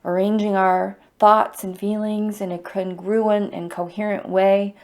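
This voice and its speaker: A woman's voice: mid-range voice, level tone, unhurried, darkish tone. A middle-aged woman hosting a livestreamed EFT tapping circle, speaking in a heartfelt, openly emotional and encouraging way. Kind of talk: livestream guided tapping talk.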